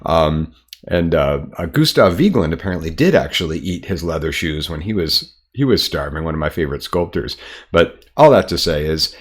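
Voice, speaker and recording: An American man, an artist and art teacher, talking casually to camera in his studio, relaxed and chatty with frequent ums. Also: a bass voice, moderate pace, breathy edge. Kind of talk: casual explanatory talk to camera.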